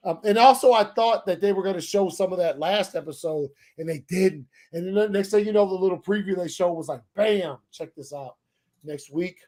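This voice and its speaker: A man with a notably high speaking voice hosts a casual stream. He rambles, restarts sentences and swears freely, talking from a home setup. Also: brisk, a little mellow. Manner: loose, profane, rambling with many restarts. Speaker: podcast host. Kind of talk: casual chat.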